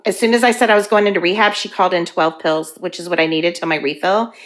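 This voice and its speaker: A woman in her fifties candidly sharing her recovery story, earnest and halting, weepy and emotional. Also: fairly low pitch, fairly even intonation, fairly bright tone. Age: 50s. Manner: earnest, halting, with frequent ums.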